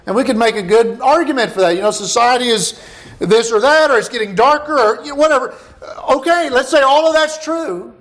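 A man's voice: very high voice, animated, a little fast, fairly bright tone. A pastor preaching a conversational sermon and reading scripture passages aloud to his congregation.

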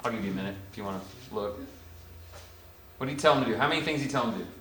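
Animated male preacher in an echoey room. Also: medium pitch, rapid-fire, slight background noise. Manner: animated, swings from hushed to loud when voicing imagined speakers. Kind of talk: sermon.

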